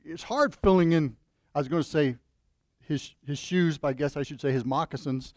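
A man's voice: a little high, moderate pace, no room sound, clean studio sound. A man preaching as a pastor at a church service, praying earnestly and then telling a folksy joke with many fillers and restarts. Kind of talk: sermon with opening prayer.

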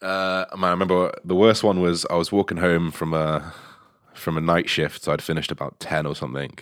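Deep-voiced guy telling stories. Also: a little fast, no echo, clean studio sound. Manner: animated, swearing, laughing storyteller. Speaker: online fitness coach, guest. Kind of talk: casual podcast storytelling.

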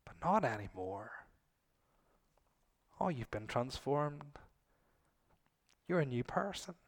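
A middle-aged man delivers a sermon with lively emphasis. He drops to quiet, low asides and then climbs back up to loud, emphatic lines. His voice sits in a middle pitch for a man. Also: slow. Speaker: preacher.

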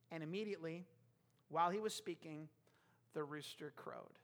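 A man's voice: a little high, moderate pace. A man preaching a sermon, retelling a scripture story and acting out the characters' lines.

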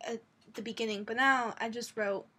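A young woman with a slightly husky, somewhat high voice chats casually as a podcast co-host. Her delivery is drawn-out and tired, and she laughs often. She is recording from home. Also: steady tone, pushed and bright. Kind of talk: casual chat.

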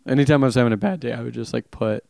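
A man's voice: medium pitch, rapid-fire, gravelly, mellow, no room sound, clean studio sound. A young man, a comedian, telling rambling stories in casual chat and laughing often.

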